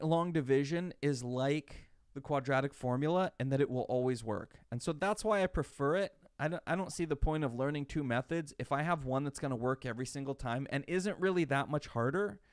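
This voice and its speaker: A man's voice: medium pitch, smooth, no room sound, studio quality. A man teaching a college math class in a chatty, digressive way, full of rhetorical questions. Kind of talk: live online lecture.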